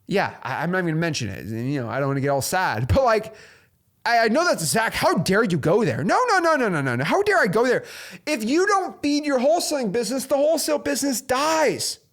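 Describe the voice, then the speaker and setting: Lively, high-pitched male host. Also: fairly quick. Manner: animated, preachy, full of "like" and "okay?". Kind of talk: motivational business talk.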